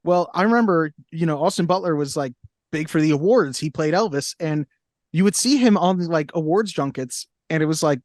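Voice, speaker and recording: A man's voice: a little high, lively intonation, fairly quick, a little mellow, no echo. Joking man podcast co-host, dry sound. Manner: joking, breaks into impressions. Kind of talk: casual chat.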